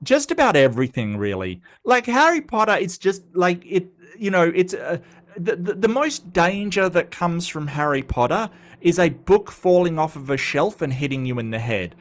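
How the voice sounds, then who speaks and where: A man hosting a casual livestream commentary, rambling and joking, his voice a little rough from a cold. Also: high-pitched, sing-song, moderate pace. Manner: rambling, joking, repeats himself and stumbles. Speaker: host of a commentary channel.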